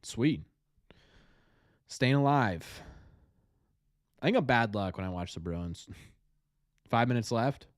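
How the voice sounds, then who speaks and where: A man hosting a fan show, commenting live on a game as he watches, nervous and excitable, repeating his cheers. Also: medium pitch, takes it slowly, pauses often, dry recording, clean studio sound.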